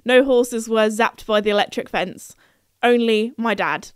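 A woman's voice: fairly high pitch, measured pace, clear, resonant tone, no room sound, clean studio sound. A young woman hosting a podcast, telling a story in a chatty, playful way and laughing at herself. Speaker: podcast host.

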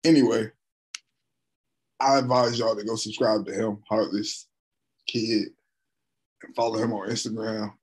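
A man in his thirties hosting a reaction video, talking in an excitable, slangy and profane way. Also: fairly low pitch, a little slow, long pauses, husky, rough recording. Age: 30s. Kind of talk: casual reaction commentary.

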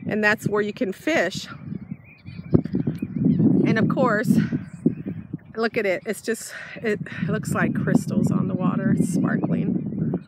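A woman's voice: mid-range voice, fairly even intonation, takes it slowly, creaky, pauses often. A woman vlogging casually as she walks her dog outdoors, slightly out of breath, rambling and laughing often. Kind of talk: casual vlog chat while walking. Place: outdoors by a bay, windy. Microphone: handheld device held while walking. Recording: loud wind and outdoor noise. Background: wind, birds, dog.

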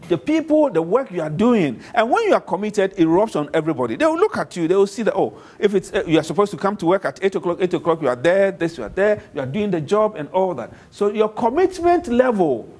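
A man's voice: sits high, darkish tone, low-quality recording. A man with a Ghanaian accent giving a university classroom lecture, often repeating points and checking understanding with "okay?" as he calls on students.

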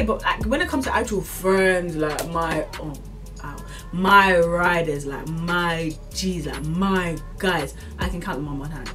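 Heard through a distant mic, a young woman with a voice on the low side vlogs to camera in a casual rant. Her earnest, preachy encouragement rambles and repeats itself, thick with fillers such as "like" and "as in."

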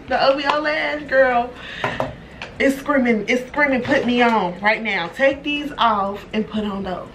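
Excitable young woman, slangy, off-mic. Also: fairly high pitch. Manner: chatty, excitable, slangy, swears casually. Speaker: beauty vlogger. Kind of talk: casual unboxing chat. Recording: distant mic with background noise.

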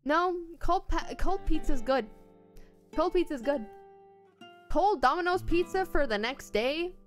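A woman's voice: high voice, animated, unhurried, faint music behind. A young Irish woman chatting casually while streaming a game, rambling along with playful asides. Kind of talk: casual chat while gaming.

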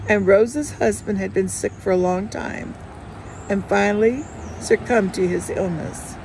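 A woman's voice: medium pitch, a little slow, gravelly, background noise. Woman reading as an earnest, outspoken former nurse.

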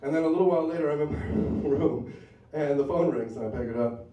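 At a bar venue with a live audience, a man with a fairly high, mellow voice tells a true personal story fast, in a wry, conversational way full of asides. The lo-fi recording sounds roomy and distant, with faint ambience.

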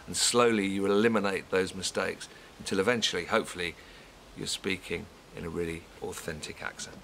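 Low, bright-voiced man from a cast. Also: steady tone, brisk, gravelly, a little hiss or hum. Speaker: musical theatre cast member. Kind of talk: remote interview answer. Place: home during lockdown.

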